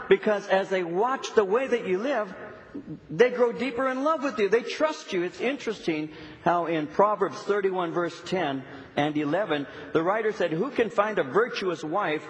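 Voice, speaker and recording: A man's voice: sits high, normal speed. A middle-aged male pastor preaching a sermon, telling stories animatedly and acting out little dialogues. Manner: animated storytelling, acts out dialogue. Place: church sanctuary. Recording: long hall reverb, faint noise.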